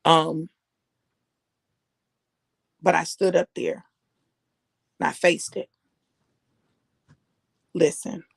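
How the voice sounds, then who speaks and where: A middle-aged woman preaching, her voice gravelly and husky. She talks conversationally, circling back and repeating phrases for emphasis. The recording is close and dry, with no room sound. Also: low voice, little pitch movement, extremely slow, long pauses, no echo. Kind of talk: personal testimony sermon.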